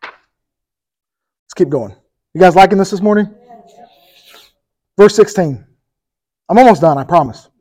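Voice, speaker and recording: A male pastor preaching a sermon with energetic emphasis, speaking straight to the congregation and often checking in with "okay?" and "right?". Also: sits high, moderate pace, pauses often, poor audio. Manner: addresses the congregation directly, with repeated "okay?" and "right?".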